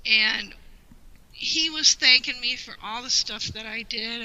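Woman guest, very bright voice, heartfelt and rambling, emotional storyteller. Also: on the high side, a little slow, clear, resonant tone, poor audio. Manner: heartfelt, rambling with frequent "you know". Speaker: guest, longtime fan. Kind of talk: personal storytelling in an interview.

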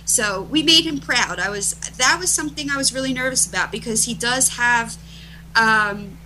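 Bright-voiced woman telling stories emphatically. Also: on the high side, a little hiss or hum, low-quality recording. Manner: emphatic, rushes and restarts phrases. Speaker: interview guest, event organizer. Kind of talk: animated storytelling in conversation.

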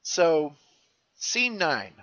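A man's voice: on the high side, very animated, extremely slow, a bit bright. A man co-hosting a podcast, chatting casually and joking as he recaps scenes of a show. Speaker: podcast co-host. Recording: dull lo-fi recording.

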